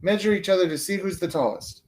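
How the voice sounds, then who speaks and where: A man voicing an excitable, jumpy little brother ape in a storybook. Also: high voice, fast, pitched above the performer's own voice, natural voice. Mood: eager.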